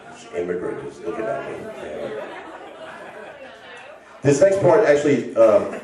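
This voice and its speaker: A male stand-up comedian rambling and stammering through a set, bursting into shouts. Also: on the low side, wildly swooping pitch, measured pace. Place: bar stage with live audience. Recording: echoey club recording from far off. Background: crowd laughing.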